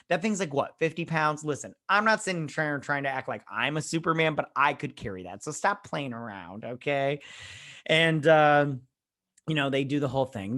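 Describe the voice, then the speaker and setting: A man hosting a casual review show, recapping an episode in a rambling, slangy way and slipping into quick acted quotes. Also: mid-range voice, a bit bright.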